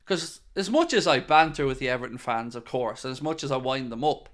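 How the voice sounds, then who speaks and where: A man's voice: medium pitch, lively intonation, brisk, a bit bright. A man hosting a casual live stream, chatting and answering viewer comments. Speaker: podcast host reading live chat.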